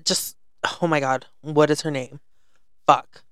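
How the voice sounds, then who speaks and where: Campy sassy guy on a podcast, stoned, smooth clear voice, dry close mic. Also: fairly high pitch, fairly even intonation, measured pace, fairly bright tone, no room sound. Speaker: podcast co-host. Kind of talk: casual chat.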